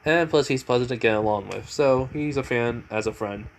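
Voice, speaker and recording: A man's voice: mid-range voice, normal speed, a little hiss or hum, natural voice. A man voicing a chatty teenage girl classmate who talks in a matter-of-fact way. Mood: plain.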